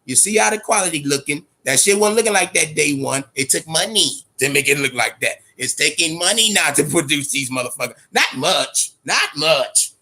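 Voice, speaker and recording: Boxing host guy, amped up, swearing a lot, bright tense voice that swoops all over. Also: high-pitched, vocal fry. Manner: profane, hyped-up, repeats himself. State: amped up, fidgety. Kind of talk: casual livestream talk.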